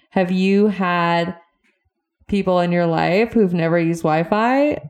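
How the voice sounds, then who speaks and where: Slow-talking, chatty woman podcast host. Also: on the low side, darkish tone. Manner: chatty, upbeat, addresses listeners directly. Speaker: podcast host and relationship coach. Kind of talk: casual podcast monologue.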